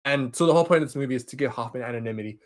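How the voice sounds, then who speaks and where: A young man hosting a podcast, casually recapping a film series and jumping into quick impressions of the characters. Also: mid-range voice. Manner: animated, acts out characters' lines in quick impressions. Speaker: podcast host.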